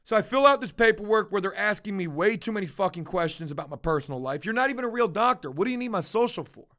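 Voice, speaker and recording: High-voiced man telling a blunt story. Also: expressive, fast, fairly bright tone. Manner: profane, blunt, talks straight to viewers. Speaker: livestreaming vlogger. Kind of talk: casual confessional storytelling.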